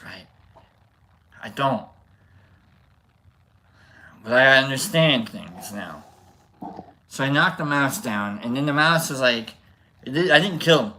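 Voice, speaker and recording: A man hosting a livestream, telling a story casually to his chat in an animated, rambling way with restarts. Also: on the high side. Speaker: livestream host.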